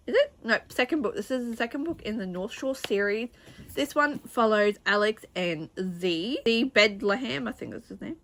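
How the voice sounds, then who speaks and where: A woman's voice: mid-range voice, fairly bright tone, slight background noise. A young woman chatting casually about books she read, rambling with restarts and little laughs. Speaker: booktuber. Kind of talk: casual book review chat.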